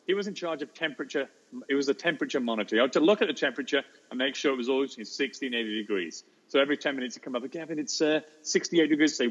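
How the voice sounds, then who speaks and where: Fast-talking male storyteller. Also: lo-fi sound. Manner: lively storyteller, acts out children's voices in high pitch. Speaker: teacher and storyteller guest. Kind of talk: animated anecdote in an interview.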